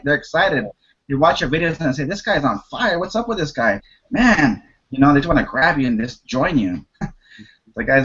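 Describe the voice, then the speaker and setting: A man giving marketing tips in a casual group call, talking with energy and breaking into excited acted-out voices. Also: medium pitch, breathy edge. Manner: energetic, animated, jumps into excited put-on voices. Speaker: guest marketer. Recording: dull lo-fi audio.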